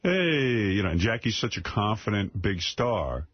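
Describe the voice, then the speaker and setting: A man's voice: on the low side, big pitch swings, unhurried, no echo. A man hosting a radio show, talking casually and mocking a bad film clip with his co-hosts. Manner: sarcastic, mocking. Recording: slightly dull radio broadcast sound.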